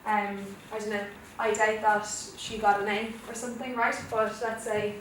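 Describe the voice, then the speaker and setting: A woman's voice: mid-range voice, little pitch movement, normal speed, a bit bright. Irish woman teaching in an echoey classroom. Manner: chatty, explains step by step with frequent "okay?" checks. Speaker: Spanish teacher. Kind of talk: classroom revision lesson. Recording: echoey classroom from far off, faint noise.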